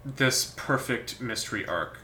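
A man chats on a comedy podcast in an animated, bright voice that sits fairly high. His reactions are quick and teasing. The room is roomy and echoey. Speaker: podcast co-host. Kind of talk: casual comedic chat.

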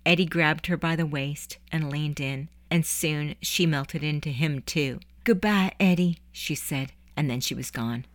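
A woman host reading a scripted story narration in a measured storytelling manner. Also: low voice, steady tone, no echo.

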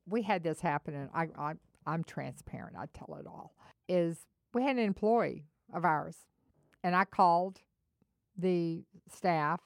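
Woman, middle-aged, faith-based teaching talk, animated storyteller, clear resonant voice. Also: lowish voice, no echo, studio quality. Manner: animated storyteller, acts out both sides of a phone call. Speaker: co-host.

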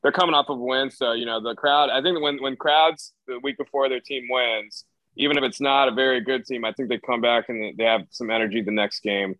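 A young man co-hosting a casual sports podcast, talking through a game in a steady, analytical way. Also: mid-range voice, fairly quick, no room sound, dull audio. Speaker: podcast co-host.

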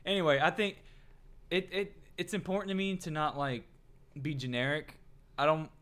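A man's voice: on the high side, steady tone, moderate pace, a bit bright, smooth. A man in casual podcast chat who tells rambling stories full of restarts and fillers and pokes fun at himself. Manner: self-aware and self-mocking. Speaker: podcast co-host.

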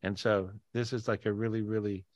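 A middle-aged man hosting a live video call as a spiritual healer. He leads slow, soft guided prayers, then shifts into animated chat. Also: fairly low pitch, dry recording.

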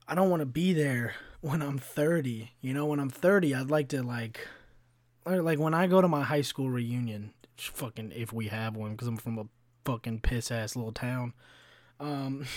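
A man's voice: medium pitch, no room sound. Profane, rambling young man on a podcast. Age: 20s. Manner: profane, rambling, animated storytelling with frequent fillers. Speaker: podcast host. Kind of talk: casual solo storytelling.

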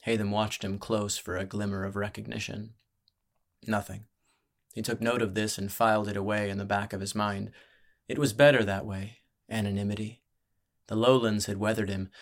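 A man narrating a fantasy audiobook in a measured, steady storytelling manner. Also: lowish voice, gravelly.

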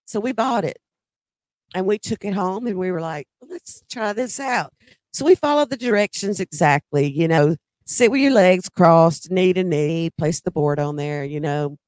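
A woman telling a personal ghost story in an unhurried way, often repeating words as she remembers. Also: on the low side, a little mellow, no echo, clean studio sound.

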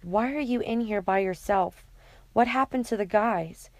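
A woman's voice: mid-range voice, a little slow, a little mellow, slight background noise, voice pushed up, natural voice. A woman reading the lines of a worried, friendly teenage boy in an audiobook, anxious and questioning.

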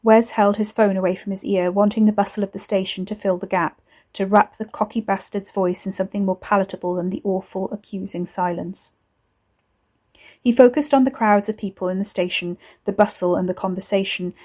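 A woman narrating a serialized novel in a steady, measured storytelling voice. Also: medium pitch. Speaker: author and reader. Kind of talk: audiobook fiction narration.

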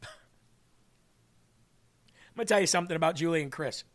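Bright, high-voiced excitable male host. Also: brisk. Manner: earnest, excitable, restarts and laughs often. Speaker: host of an online faith show. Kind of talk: live-stream talk, reading viewer comments.

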